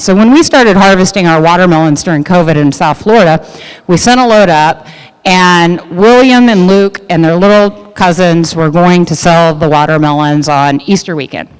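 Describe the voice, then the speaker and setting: A middle-aged woman who owns a produce business tells a story during a luncheon talk, chatty and full of fillers and restarts. Her voice is low, clear, and resonant, echoing with long reverb in a large event hall.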